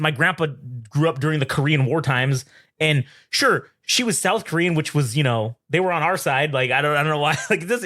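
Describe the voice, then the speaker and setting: A young man co-hosting a podcast, telling stories in a profane, animated way and mocking people in put-on voices. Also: a little high, dry recording, clean studio sound. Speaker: podcast co-host. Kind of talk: casual chat.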